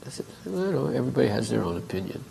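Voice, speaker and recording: A man's voice: mid-range voice, sing-song, racing, creaky, dark tone, a little hiss or hum, low-quality recording. A man giving a class at a temple, telling a story conversationally and acting out both sides of a dialogue. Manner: conversational, acts out quoted dialogue. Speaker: temple speaker.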